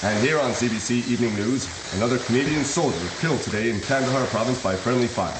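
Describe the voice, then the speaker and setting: An actor playing a formal evening news announcer in a live stage play. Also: male voice, medium pitch, fast talker, reverberant, noisy background, lightly acted. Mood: solemn. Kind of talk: mock newscast in a stage play.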